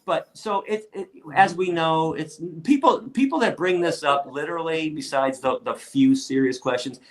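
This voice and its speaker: A man's voice: on the high side, moderate pace. A middle-aged man telling stories in an interview, blunt and profane, acting out other people's lines as he goes. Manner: blunt, profane, fired-up, acts out quotes. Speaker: guest lecturer and activist. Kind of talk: animated interview storytelling.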